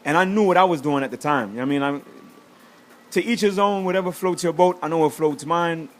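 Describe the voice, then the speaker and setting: A man, a reggae artist, chatting as a studio guest and acting out quotes in animated stories. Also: on the high side, fast talker, slight background noise. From United States. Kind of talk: casual chat, storytelling.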